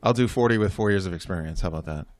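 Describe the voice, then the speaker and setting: Easygoing man, low voice. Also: racing, dry recording. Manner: easygoing, self-deprecating, laughs along. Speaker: podcast co-host. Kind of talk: casual chat.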